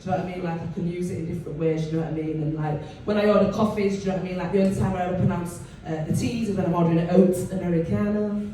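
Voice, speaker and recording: Racing along with few pauses, this low-voiced Leeds comedian chats her way through a lively club set packed with fillers. The northern English performer is recorded at a distance in an echoey club with room noise.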